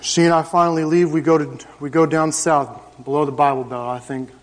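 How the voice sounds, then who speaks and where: At a church service, a member in his thirties speaks a little fast in a fairly high voice with fairly even intonation, telling his personal testimony. He addresses the congregation in an emphatic, conversational storytelling manner. Reverb from the church hall fills the recording.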